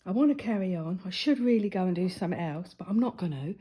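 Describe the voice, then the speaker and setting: A woman's voice: fairly low pitch, expressive, fast, mellow, husky. A middle-aged woman, out of breath, chatting and laughing at herself as she colours. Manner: chatty, self-mocking, laughs often. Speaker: craft vlogger. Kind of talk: casual chat while colouring.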